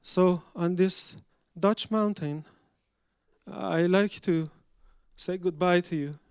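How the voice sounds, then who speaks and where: A storyteller from Iran, a man with a rather high, smooth voice. He performs his story theatrically, dropping to a hush and then rising again. The sound is close and dry. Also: takes it slowly, dry recording. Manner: dramatic, acts out dialogue, shifts between loud and hushed.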